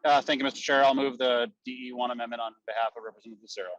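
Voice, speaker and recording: A man's voice: medium pitch, flat delivery, rapid-fire, fairly bright tone, dry recording. A man, a committee member, formally moving bills and amendments, with some hesitant fillers. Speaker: committee member making motions. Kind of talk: formal procedural motions. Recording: dry, slightly dull call audio.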